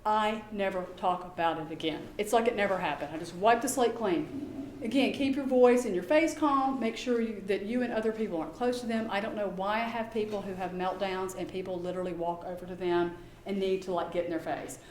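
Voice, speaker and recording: A middle-aged woman giving a lecture as a behavior specialist, lively and acting out quoted exchanges in voices. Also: medium pitch, fairly quick, a little hiss or hum. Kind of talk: conference lecture. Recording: echoey room, faint background ambience.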